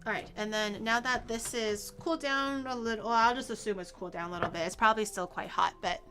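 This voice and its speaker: A woman's voice: medium pitch, steady tone, fast talker, bright, forceful tone, faint music behind. A woman streaming herself cooking in a home kitchen, chatting casually, rambling through explanations and swearing now and then.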